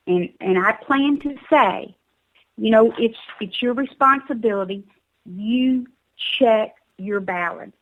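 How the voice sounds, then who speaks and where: Southern woman caller, insistent and fired up, trips over her words, mid pitch. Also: fairly bright tone, rough recording. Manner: emphatic, urging, repeats words.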